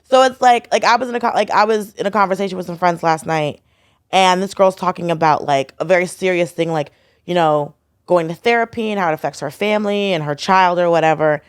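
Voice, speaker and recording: A woman's voice: lowish voice, fairly quick, clear, resonant tone, no room sound, clean studio sound. A woman comedian from the United States, telling stories bluntly and with energy in a casual podcast chat, acting out the dialogue she quotes. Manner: animated storytelling, acts out quoted dialogue, blunt. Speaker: guest comedian.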